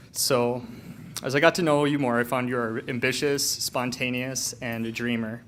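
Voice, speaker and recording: Friend of the couple: easygoing man of middle pitch, chatty and chuckling through his toast. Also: a bit bright, a little hiss or hum. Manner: conversational, chuckling, with frequent fillers. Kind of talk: wedding toast. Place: wedding reception.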